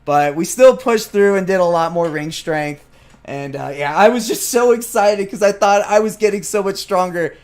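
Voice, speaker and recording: Young male gymnast vlogger, high-pitched voice, casual and animated, replays his own remarks as he talks. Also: normal speed. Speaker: gymnast vlogger answering viewer questions. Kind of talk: casual vlog commentary over training footage.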